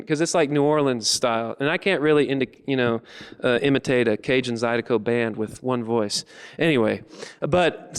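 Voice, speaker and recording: A man telling a story on stage and performing spoken word poetry in an animated, humorous, self-deprecating way. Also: mid-range voice, smooth, big-room sound.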